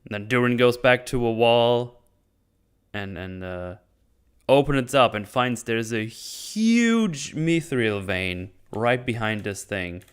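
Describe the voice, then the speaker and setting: A man's voice: mid-range voice, expressive, takes it slowly, clean tone. A man casually recapping a TV episode, ranting and sardonic, swearing freely. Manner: sardonic, mutters asides. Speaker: show host recapping a TV episode.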